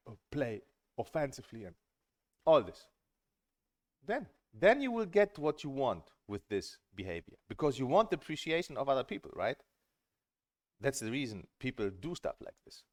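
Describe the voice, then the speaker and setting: A man's voice: mid-range voice, no echo. Emphatic male coach, dry close sound. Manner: earnest, emphatic, repeats words when excited. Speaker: table tennis coach and streamer. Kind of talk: casual coaching talk on a stream.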